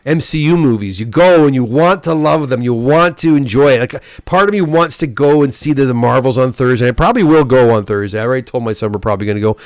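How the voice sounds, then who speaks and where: A man's voice: mid-range voice, no room sound, clean studio sound. A middle-aged man hosting a live stream, reading chat comments aloud and ranting with lots of stammered restarts. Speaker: host of comic live stream.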